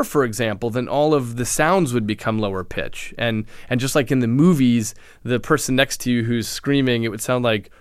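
A man's voice: mid-range voice, smooth, dry recording. Man explaining science in dry close sound. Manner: explanatory, measured, frequent restarts. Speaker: neuroscientist guest. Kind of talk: interview answers.

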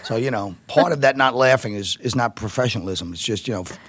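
A man's voice: medium pitch, fast. Rambling comedian man from Brooklyn. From Brooklyn, New York. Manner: animated, rambling, laughs often. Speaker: comedian guest. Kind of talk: casual interview storytelling.

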